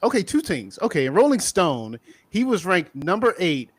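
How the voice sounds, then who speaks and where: A man's voice: high-pitched, normal speed, dry recording. A man hosting a wrestling podcast, reeling off championship records with joking asides. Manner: reels off stats, lively and joking. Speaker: podcast host. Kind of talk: casual wrestling debate.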